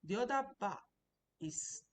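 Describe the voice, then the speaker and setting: A woman giving a language lesson, explaining patiently and repeating words slowly to model their sound. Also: fairly high pitch, expressive, a little hiss or hum. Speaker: language teacher. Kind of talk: recorded online lesson.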